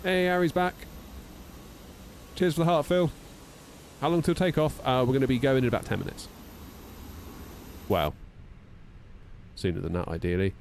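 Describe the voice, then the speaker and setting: A man's voice: medium pitch, normal speed, long pauses, a little hiss or hum. A man in his thirties, chatting casually on a live stream while running through flight checklists, self-deprecating and talkative. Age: 30s.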